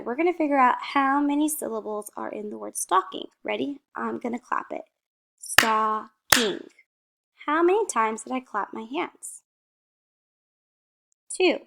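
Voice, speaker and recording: Woman teacher, slow and patient, fairly high voice, slight gravel, stretches out practice words for small kids. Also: fairly bright tone. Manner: drawn-out word modelling, questions then answers. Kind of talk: slow, encouraging phonics lesson for young children.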